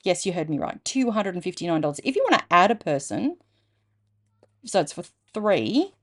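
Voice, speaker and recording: A low, gravelly Australian woman reads a dessert and cheese menu aloud, stopping often for chatty asides. She teases her listeners and muses over odd dish names, her voice full of fry. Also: big pitch swings, fairly bright tone. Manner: playful, chatty, quick asides and teasing. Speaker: channel host reading menus.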